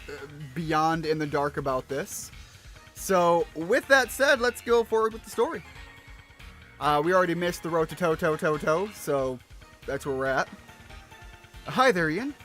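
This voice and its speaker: A man's voice: on the high side, fairly bright tone. A man streaming a video game, chatting casually as he plays, rambling with fillers and self-deprecating asides. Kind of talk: let's-play commentary.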